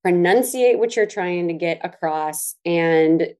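A woman co-hosting a casual podcast. Her voice sits a little low for a woman. She tells stories and chimes in with easy agreement. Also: takes it slowly, a little mellow, smooth. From Southern US. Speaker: podcast co-host. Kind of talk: casual chat.

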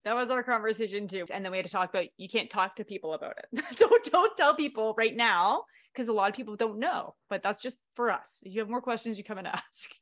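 Co-host: woman, mid-pitched, relaxed and giggly conversationalist. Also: fast, few pauses. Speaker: podcast co-host. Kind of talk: casual chat.

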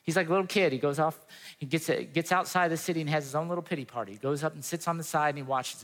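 A pastor delivers an earnest, conversational sermon, acting out the quotes he relates. His voice is a little high, a bit bright and fast, with a hall's long reverb trailing behind.

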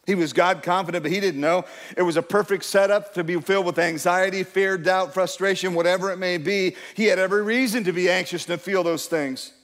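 A middle-aged male pastor preaches in a church sanctuary, where a long reverb trails his voice. He sits a little higher in pitch than most men. His delivery is emphatic, and he keeps urging the listeners to answer him. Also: steady tone, a little fast, a bit bright. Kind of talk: sermon.

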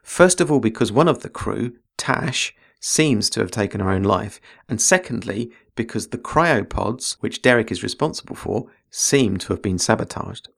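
A man hosting a writing podcast, explaining character craft in a measured, explanatory way. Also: lowish voice, expressive, gravelly. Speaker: podcast host and writing teacher. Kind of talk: instructional podcast.

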